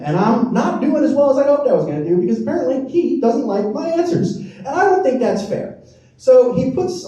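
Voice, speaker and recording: A man's voice: high voice, warm tone, muffled recording. A young man doing a rambling, self-deprecating stand-up set on a comedy club stage. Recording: roomy, distant club recording. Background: audience laughter.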